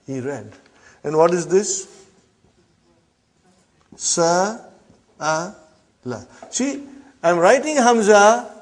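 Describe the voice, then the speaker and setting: A man teaching a language class, drilling phrases and often checking in with a questioning "huh?". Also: high voice. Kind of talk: classroom lesson.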